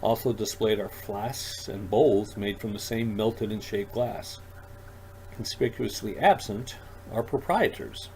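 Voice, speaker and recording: A man, an author, reading his own science fiction story aloud in a calm, even storytelling manner. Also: lowish voice, slow, a little hiss or hum, rough recording. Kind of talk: audiobook narration.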